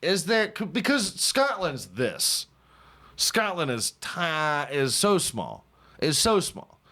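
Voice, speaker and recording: Guy cracking crude jokes on a podcast, slow drawl, pitch jumping all over, laughs a lot. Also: very animated, sharp tone. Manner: profane, laughs often, mocking joking tone. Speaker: podcast host. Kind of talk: casual comedic podcast banter.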